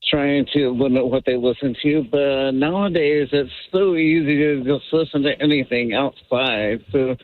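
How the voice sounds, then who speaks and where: A man's voice: medium pitch, normal speed, few pauses. A man who is a father calls a radio show and talks in a hesitant way, with many fillers. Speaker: caller. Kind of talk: casual phone call. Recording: dry tinny phone line.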